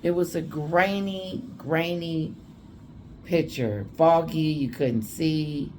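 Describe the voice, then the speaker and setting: A woman's voice: deep voice, slow pace, a little mellow, a little hiss or hum. A woman vlogging casually at night, sleepy and a little tipsy, rambling as she reacts to news clips. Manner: rambling, drowsy, slightly tipsy. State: sleepy after drinks.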